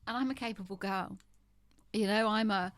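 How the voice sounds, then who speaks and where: A woman's voice: medium pitch, normal speed. A woman in her fifties, a guest in an interview, speaking frankly and emphatically with wry humor. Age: 50s. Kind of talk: candid interview conversation.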